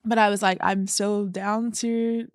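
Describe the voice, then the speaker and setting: Australian woman podcast guest, young, lively explainer, mid pitch, dry close sound. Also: measured pace, clear, resonant tone, dry recording. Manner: lively storyteller, explains studies in detail. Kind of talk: casual chat.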